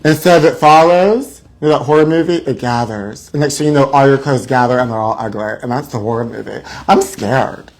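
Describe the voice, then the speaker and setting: A man's voice: mid-range voice, steady tone, fast talker, hardly any pauses. A man hosting a live celebrity gossip show, theatrical and mock-frightened, calling his viewers honey. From Los Angeles area.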